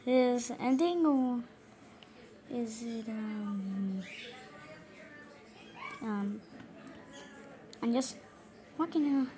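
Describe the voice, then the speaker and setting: Mickey Mouse, squeaky and slow, as a woman puts him on. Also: heavily acted. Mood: uneasy, puzzled. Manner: rambling, nervous, prone to frantic yelps. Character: squeaky cheerful male cartoon mouse. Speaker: fan voicing a reaction video. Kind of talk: in-character reaction commentary.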